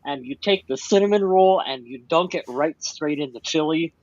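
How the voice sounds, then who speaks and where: A man's voice: a little high, moderate pace, a little mellow, lo-fi sound. A man from Iowa co-hosting a casual live show, laid-back and laughing often, swearing casually.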